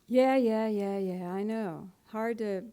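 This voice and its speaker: Playful, mellow-voiced woman teaching spirit. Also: medium pitch, slow. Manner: playful and conversational, laughs often. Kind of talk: spiritual talk to a live audience.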